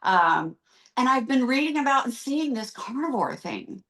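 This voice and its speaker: A middle-aged woman talking as a guest on a podcast. She speaks earnestly and with strong feeling. She runs through long lists of medical terms without pausing. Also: high voice, big pitch swings, a bit bright. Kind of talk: podcast interview.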